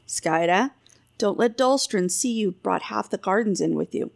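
A woman's voice: mid-range voice, moderate pace, vocal fry, close to an everyday voice. A woman voicing a blunt, impatient old king who grumbles and gives orders, in a storybook reading. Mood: jovial. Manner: grumbling, then commanding orders.

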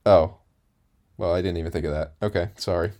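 A young man in his twenties, chatting casually as a podcast co-host. His voice sits a little low, and he rambles through his story with plenty of fillers and restarts. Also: steady tone, fairly quick, warm tone. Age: 20s. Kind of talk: casual chat.

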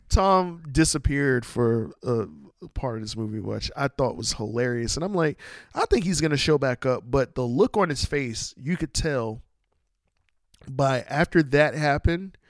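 Animated man recapping a film. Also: medium pitch, takes it slowly, no echo, studio quality. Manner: animated storyteller, acts out quotes. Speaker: podcast host.

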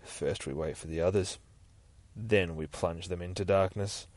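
A man voicing a calm, cold male vampire leader who speaks slowly and quietly. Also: low-pitched, no echo, voice pushed down. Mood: menacing. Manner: slow, quiet, menacing.

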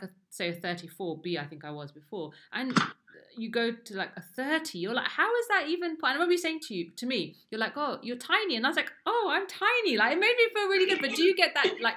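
A woman hosting a casual podcast interview, chatty, with frequent restarts and sudden high exclamations. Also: bright, forceful tone. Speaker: podcast host.

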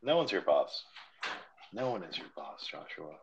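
A man's voice: very deep voice, sing-song, moderate pace, creaky, highs cut off, slight background noise. A man in casual chat as a podcast co-host, joking and swearing loosely. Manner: loose, profane, joking banter.

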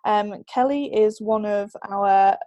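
A woman's voice: medium pitch, slow, warm tone, lo-fi sound. Woman hosting a podcast interview. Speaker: podcast host. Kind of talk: conversational interview.

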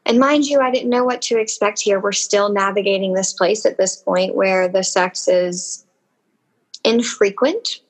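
Husky-voiced woman telling an intimate story. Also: medium pitch, measured pace, poor audio. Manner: emotional, intimate and earnest. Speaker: guest. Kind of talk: candid personal storytelling.

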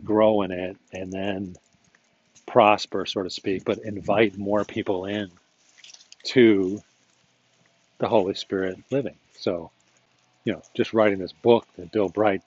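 A man's voice: fairly low pitch, steady tone, measured pace, long pauses, a little mellow, breathy edge, no echo, lo-fi sound. A man in a casual, reflective monologue, thinking aloud and rambling with many restarts.

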